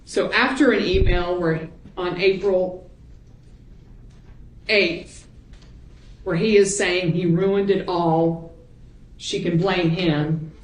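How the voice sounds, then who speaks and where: A woman prosecutor examining a witness in court, reading emails aloud in a measured, plain way. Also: fairly low pitch, fairly even intonation. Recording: roomy courtroom audio.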